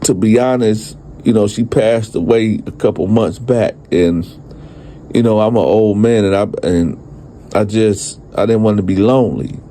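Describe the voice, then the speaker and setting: A man quoting a lonely old man who talks in hesitant, halting phrases. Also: lowish voice, warm tone, a little hiss or hum, lightly acted. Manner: hesitant, stammering.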